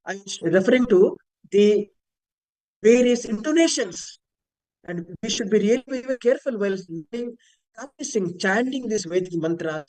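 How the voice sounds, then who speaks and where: A man's voice: sits high, animated, normal speed, a little mellow, rough recording. A man giving a webinar lecture on Vedic chanting, patiently explaining and chanting Sanskrit words to show their intonation. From India. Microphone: video call.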